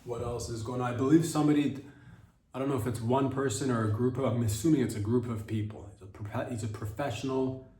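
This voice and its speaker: A man at a medium pitch, talking his way through a comedy podcast monologue and often stopping to restart his sentences. The sound is roomy, and he seems set back from the mic. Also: fairly even intonation, fast talker, dark tone, far from the mic. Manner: rambling, self-interrupting. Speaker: podcast host.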